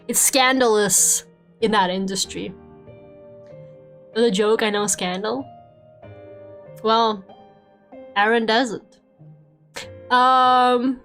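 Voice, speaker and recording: A woman streamer chatting casually while drawing, swearing freely and laughing often. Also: fairly high pitch. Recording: faint background music.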